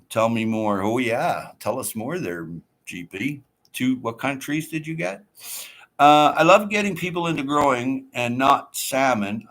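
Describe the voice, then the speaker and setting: On a relaxed livestream, a man reads viewer comments aloud and chats back in reply, keeping things easygoing. His voice sits in the middle range with a fairly bright tone.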